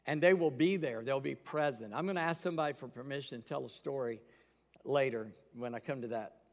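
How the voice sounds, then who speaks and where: A man's voice: medium pitch, a little fast. A man preaching a sermon from the pulpit, candid and emphatic. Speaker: pastor. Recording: long hall reverb.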